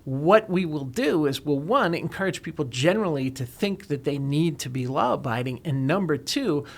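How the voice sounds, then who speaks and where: A man's voice: a little high, expressive, moderate pace. A man explaining and arguing a legal point in an emphatic, lawyerly way on a talk show.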